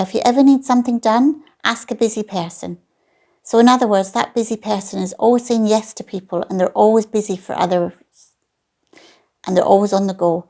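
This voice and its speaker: A middle-aged woman hosting a lifestyle channel, giving calm, reassuring self-care advice and slowly repeating key points. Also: medium pitch, vocal fry.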